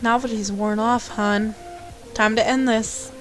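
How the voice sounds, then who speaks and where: A woman's voice: fairly high pitch, fairly even intonation, measured pace, soft background music, close to an everyday voice, low-quality recording. A woman voicing a menacing young male thug with a bat, in a taunting tough-guy drawl.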